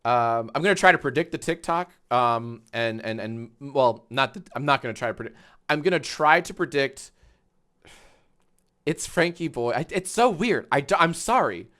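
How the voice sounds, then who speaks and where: A man streaming live and reacting to a clip, talking in a halting, rambling way with sudden swearing outbursts. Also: medium pitch, expressive, bright, forceful tone.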